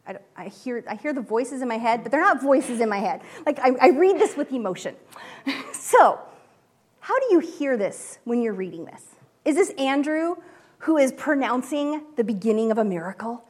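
Woman, mother, casual devotional talk, high voice, chatty, lots of fillers, acts out quotes. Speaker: speaker, mother.

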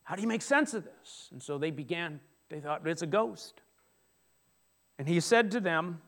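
A man with a notably high voice delivers a sermon. He preaches in an animated, conversational way, often restarting phrases and turning to the congregation with asides. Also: moderate pace. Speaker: pastor.

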